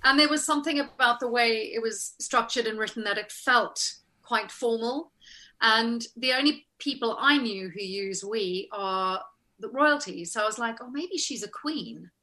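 A middle-aged woman chats as an interview guest, recalling her acting work. Her voice sits slightly high and rings bright and forceful. She tells her stories in an animated way, slipping into the voices of the people she remembers. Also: normal speed. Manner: animated, laughing storyteller who acts out remembered lines. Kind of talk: casual interview storytelling.

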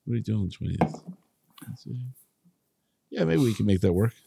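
Low gravelly-voiced man joking around. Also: very animated, moderate pace, background noise. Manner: joking, rambling, self-interrupting. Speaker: podcast co-host. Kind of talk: casual podcast banter.

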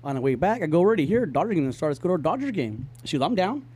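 Podcast co-host, man, quick and slightly high, swears a lot, rambles. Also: sing-song, mellow, slightly rough. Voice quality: profane, rambling with many fillers. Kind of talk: casual storytelling chat.

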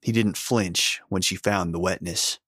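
Low-voiced man narrating a story. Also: steady tone, a little slow, fairly bright tone, no echo, studio quality. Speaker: audiobook narrator. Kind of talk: scripted narration.

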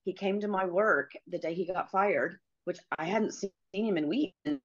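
A middle-aged woman telling a personal story as a guest, earnest and halting, with many pauses and fillers. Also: mid-range voice, lo-fi sound.

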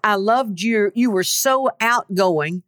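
A woman hosting a casual podcast chat, encouraging and warm toward her guest. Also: mid-range voice, takes it slowly, dry recording, clean studio sound. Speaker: host.

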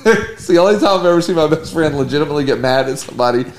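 A man with a slightly raised pitch spins a long anecdote on a relaxed podcast. He talks casually and animatedly, with plenty of swearing along the way. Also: racing, slight background noise. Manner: animated, profane anecdote-telling. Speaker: podcast co-host. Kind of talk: casual storytelling chat.

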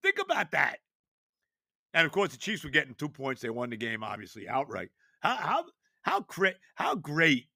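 Bright, emphatic older sports-talk host. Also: male voice, on the high side, moderate pace, vocal fry, no room sound, clean studio sound. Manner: animated, emphatic rhetorical questions. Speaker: podcast host.

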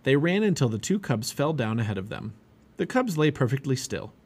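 A man reading a children's chapter book aloud as a parent, animated and expressive. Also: mid-range voice, brisk, breathy edge. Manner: animated, expressive reading with many character voices. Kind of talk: storybook read-aloud.

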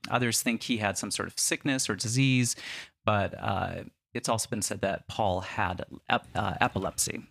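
A man with a low, gravelly voice co-hosts a casual chat in a wry, joking tone. He breaks into readings of scripture along the way. The sound is close and dry. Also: normal speed, fairly bright tone, no room sound. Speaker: podcast co-host.

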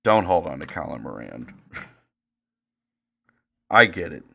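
A young man co-hosting a casual podcast, mocking and animated, with frequent swearing. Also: extremely low pitch, takes it slowly, vocal fry, husky. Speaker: podcast co-host. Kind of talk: casual banter.

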